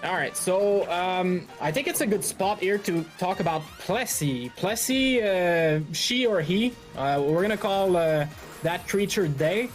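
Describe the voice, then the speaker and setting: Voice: medium pitch, unhurried, hardly any pauses. Speedrunner talking thru a live run, chill, lots of uhs, game music faint behind. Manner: explains while playing, relaxed, many fillers. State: slightly out of breath.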